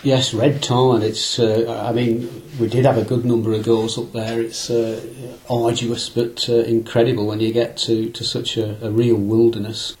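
A man's voice: mid-range voice, completely flat delivery, moderate pace, few pauses, a little mellow, low-quality recording. A man in a casual conversation, recalling fishing trips in a rambling, anecdotal way with many fillers and restarts.

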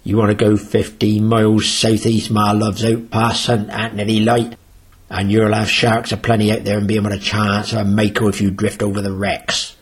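A confident old skipper, as a man puts him on gives homely fishing directions in a low, husky voice. He sounds sure of his advice and speaks warmly to his listeners. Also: monotone, normal speed. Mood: advising.

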